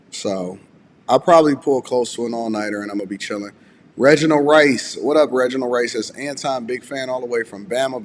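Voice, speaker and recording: A man's voice: medium pitch, big-room sound, slight background noise. Laid-back groggy male live-stream host. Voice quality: slightly raspy. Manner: laid-back, groggy, reading chat messages aloud. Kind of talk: casual live stream chat.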